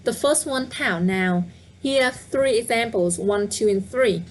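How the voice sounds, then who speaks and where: A woman's voice: on the high side, normal speed, a little mellow, a little hiss or hum. A woman teaching a live online language lesson, patiently repeating words and inviting viewers to guess. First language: Vietnamese. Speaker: Vietnamese teacher.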